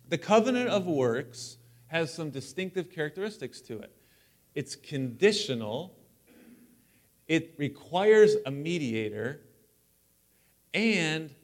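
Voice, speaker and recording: A man preaching from the pulpit, his voice sitting a little higher than most men's. He delivers the sermon with animated energy and slips playful asides between the teaching points, speaking to the people in the church in front of him. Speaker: pastor. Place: church sanctuary.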